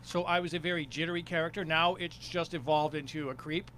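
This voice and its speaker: A man from Detroit, a stand-up comedian, telling stories in a dry, deadpan way in casual podcast chat. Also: on the high side, brisk, a crowd in the background.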